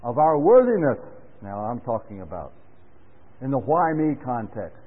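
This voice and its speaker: A man giving a Bible class talk in an earnest, deliberate sermon style, stressing key words with sudden rises. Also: medium pitch, very animated, slightly rough. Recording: phone-like sound with long reverb in a hall.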